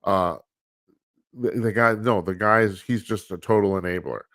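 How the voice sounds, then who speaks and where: A man with a fairly low, slightly bright voice speaks at a moderate pace, hosting a live talk show from a studio with video calls. His political commentary is casual, blunt, rambling and profane, with frequent restarts, and the recording is dry and studio quality.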